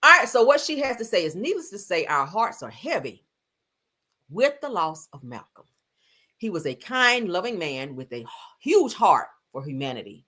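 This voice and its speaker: Sassy, chatty woman with lively swings. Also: lowish voice. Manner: chatty, sassy, addresses viewers as y'all and honey. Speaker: celebrity gossip streamer. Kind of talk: casual chat.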